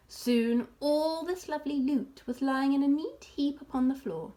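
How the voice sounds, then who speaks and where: A woman reading a children's book aloud in an expressive, animated way. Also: high voice, normal speed, few pauses. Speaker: storyteller.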